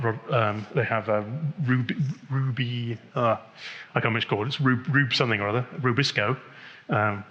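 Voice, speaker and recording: A man's voice: lowish voice, bright, forceful tone, highs cut off. Rambling man giving a talk. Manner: rambling, many restarts and fillers. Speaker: conference speaker. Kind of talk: technical conference talk. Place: conference hall.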